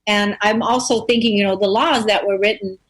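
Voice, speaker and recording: Hosting a radio talk show, this woman has a mid-range voice with fairly even intonation and a fairly quick pace. Her casual talk is earnest yet loose and wandering, packed with fillers and phrases she says more than once.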